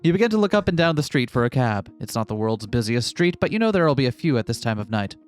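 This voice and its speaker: A man's voice: medium pitch, very animated, fast talker, faint music behind. Man reading a text game aloud. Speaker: co-host playing a game.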